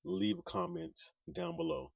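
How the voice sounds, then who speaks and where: Gravelly-voiced man, distant dull mic. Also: deep voice, huge pitch swings, unhurried, no echo. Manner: reflective, talks straight to viewers. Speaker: vlogger reacting to clips. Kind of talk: casual commentary to camera.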